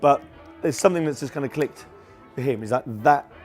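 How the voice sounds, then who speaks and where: A man in his forties talks about his stage act in a relaxed documentary interview. His voice sits at an ordinary middle pitch. He rambles a little, restarting sentences and filling gaps with ums and you knows. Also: fast, soft background music. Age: 40s. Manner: chatty, many fillers and restarts. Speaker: tribute act performer.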